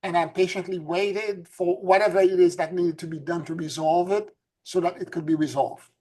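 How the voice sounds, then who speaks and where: A woman's voice: on the low side, moderate pace. A woman co-hosting a casual spiritual discussion, telling stories with many stammered restarts. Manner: stammering restarts, animated storytelling.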